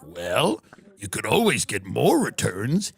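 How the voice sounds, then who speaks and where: A man putting on a deep, slow, naive billionaire. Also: wildly swooping pitch, vocal fry, breathy edge, no room sound, heavily acted. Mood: gullible. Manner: slow, deep, polite and gullible.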